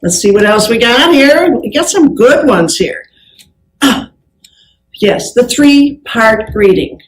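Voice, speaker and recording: Chatty woman giving a talk, kinda high voice, upbeat stories, echoey room. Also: slow. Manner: upbeat, anecdotal, lively. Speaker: customer service speaker. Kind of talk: presentation to an audience.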